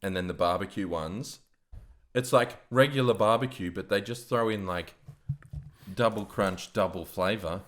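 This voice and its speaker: A man's voice: on the low side, normal speed, fairly bright tone. A man co-hosting a podcast in casual chat, joking and swearing freely. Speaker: podcast co-host.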